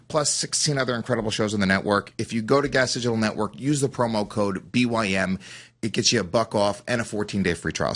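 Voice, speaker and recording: Loose, profane podcast host. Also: male voice, mid-range voice, a bit bright. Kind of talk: casual podcast chat, reading listener questions.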